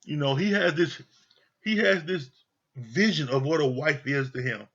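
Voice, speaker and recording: A man's voice: a little high, moderate pace, a bit bright, dull audio. A man giving a heated, profane rant reviewing a reality TV show, exasperated and repeating his points for emphasis.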